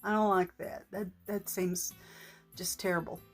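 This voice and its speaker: A middle-aged woman, talking earnestly to her vlog audience in a gentle, shaky, emotional voice. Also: medium pitch, level tone, measured pace, faint music behind. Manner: gentle and earnest, with faith talk and small restarts. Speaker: vlogger. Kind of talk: heartfelt personal vlog talk.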